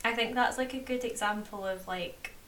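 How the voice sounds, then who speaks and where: A woman's voice: on the high side, normal speed, a bit bright, distant mic, poor audio. A woman co-hosting a book podcast, reading a novel passage aloud and then chatting casually with lots of filler words. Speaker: podcast co-host. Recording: faint background hiss.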